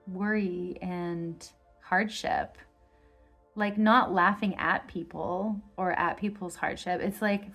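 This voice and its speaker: A woman's voice: on the low side, vocal fry. A woman giving a casual pick-a-card tarot reading, rambling with constant fillers and gushing with enthusiasm. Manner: effusive and enthusiastic. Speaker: tarot reader.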